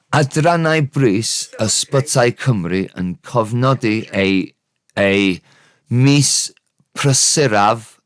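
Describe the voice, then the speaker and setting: Welsh-accented male teacher, slow and low, dry close mic, self-correcting. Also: no echo. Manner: unhurried, thinking aloud, correcting himself. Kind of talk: casual spoken language lesson.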